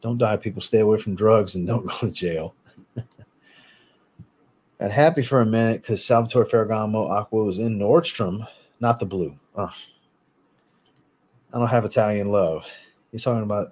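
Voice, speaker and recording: A man hosting a casual livestream, reading viewer comments aloud and answering them in a relaxed way. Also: lowish voice, fairly quick, husky. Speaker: fragrance livestream host.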